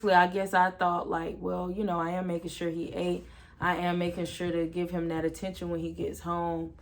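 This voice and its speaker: A woman's voice: fairly low pitch, monotone, moderate pace. A woman speaking candidly and emphatically in a casual, heartfelt conversation as a podcast co-host.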